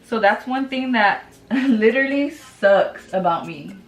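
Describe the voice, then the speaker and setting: A woman's voice: fairly high pitch, expressive, measured pace, soft background music. Chatty woman vlogging in an echoey room. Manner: chatty, candid, frequent "like" fillers, swears casually. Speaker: beauty vlogger. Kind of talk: casual get-ready-with-me chat. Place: home room while doing makeup.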